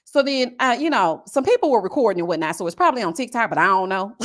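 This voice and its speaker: A woman in her forties telling a personal story to her viewers in a casual, animated vlog, speaking straight to the audience. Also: medium pitch, fast talker. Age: 40s. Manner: animated, addresses viewers directly. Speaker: vlogger.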